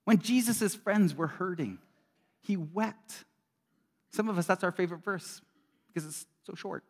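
Man preaching, middle-aged, earnest and conversational, slightly high voice, long hall reverb, sudden loud bursts and hushed drops. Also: a little slow, pauses often, slightly rough. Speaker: pastor. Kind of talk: sermon.

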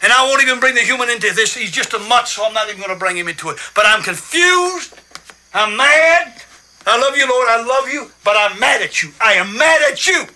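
An actor playing a middle-aged preacher who pleads and shouts in prayer, in a film clip. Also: male voice, very high voice, expressive, brisk, heavily acted, poor audio. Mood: anguished. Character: anguished preacher man shouting at God. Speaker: film character.

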